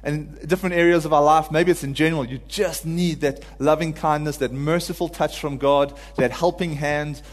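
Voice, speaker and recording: This male preacher speaks at a normal speed with few pauses, his fairly high voice staying mostly even in intonation. His sermon to the congregation is informal and earnest, rising at times to pleading cries as he quotes, all under a long reverb tail.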